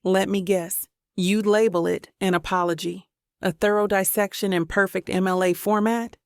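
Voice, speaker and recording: A woman voicing a sharp-tongued young woman romance author with a Southern accent, snapping sarcastic retorts. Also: medium pitch, steady tone, normal speed, clear, resonant tone, no echo, clean studio sound, close to an everyday voice. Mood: angry.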